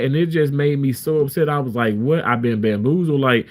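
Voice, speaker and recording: Man, vlogger, candid emphatic storytelling, stumbles and restarts, mid pitch. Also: brisk. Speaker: live streamer. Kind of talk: casual storytelling rant.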